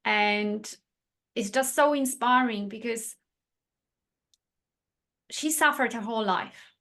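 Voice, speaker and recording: Woman host, kinda high voice, super enthusiastic, repeats stuff for emphasis. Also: slow pace, pauses often, bright, forceful tone. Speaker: nutritionist host. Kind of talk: interview host.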